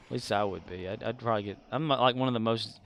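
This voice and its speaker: A man's voice: lowish voice, vocal fry, a bit bright. A man streaming a game, chatting casually with viewers in a rambling way and chuckling often. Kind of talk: casual live-stream chat.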